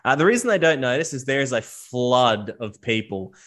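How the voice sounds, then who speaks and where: A man running a tabletop game, narrating the scene with lots of uhs and restarts. His voice sits at an ordinary middle pitch. Casual and loose in delivery. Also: very animated, normal speed, a bit bright. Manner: hesitant, many fillers and restarts. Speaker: game master.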